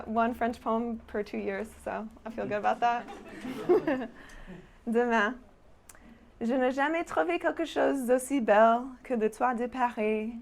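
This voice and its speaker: A young woman performs spoken-word poetry in a small live venue, her voice sitting a little high. She recites slowly and rhythmically, lingering on each line. Between poems she turns chatty and laughs easily. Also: a little mellow, slight background noise. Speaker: poet.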